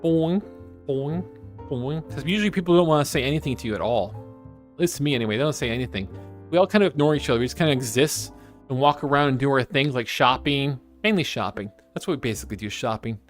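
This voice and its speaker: A man's voice: medium pitch, a bit bright. Playful rambling male streamer. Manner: playful, rambling, jumps into silly voices. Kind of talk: casual chat while drawing on stream.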